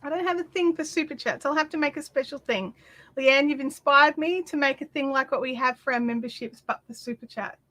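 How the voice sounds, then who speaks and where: A chatty woman hosts a live craft stream. Her voice sits high and rings bright as she rambles through viewer comments. She fills the gaps with plenty of ums and quick asides. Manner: chatty and animated, many fillers and asides. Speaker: craft livestream host.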